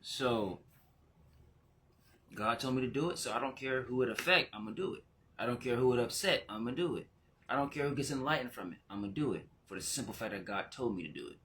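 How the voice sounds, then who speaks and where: A male spiritual teacher with a bright, ringing voice of middling pitch, speaking casually to his followers. He swings from giddy, laughing exclamations that leap up in pitch to slow, hushed reflection. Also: a little hiss or hum. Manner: excitable, laughing, jumps into high exclamations; slows down and goes quiet when reflective. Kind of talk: casual spiritual vlog talk.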